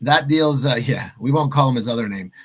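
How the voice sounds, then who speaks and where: A man hosting a podcast, asking a guest probing questions in a relaxed chat. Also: medium pitch, a little fast, slightly rough. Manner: probing, affirming interviewer. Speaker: podcast host. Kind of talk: casual interview chat.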